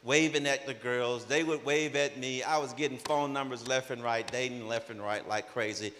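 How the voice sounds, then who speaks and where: Older male conference speaker, vivid storyteller, crisp bright tone, long hall reverb. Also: mid-range voice, normal speed. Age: 60s. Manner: animated, acts out dialogue in his story. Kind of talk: personal storytelling talk.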